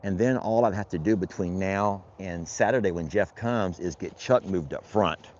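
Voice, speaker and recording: A man's voice: sits low, moderate pace, a little mellow, slight background noise. A man, a rancher vlogging casually outdoors as he does his chores, talking in a folksy, rambling way and chatting to his animals. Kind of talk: casual vlog narration while doing chores. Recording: dull lo-fi outdoor recording.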